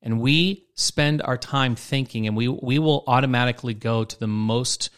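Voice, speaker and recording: A man's voice: mid-range voice, moderate pace, a bit bright, clear, resonant tone. A man co-hosting a casual Bible discussion podcast, talking in loose, rambling sentences with many restarts. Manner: rambling, many restarts and fillers, laughs easily. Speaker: podcast co-host.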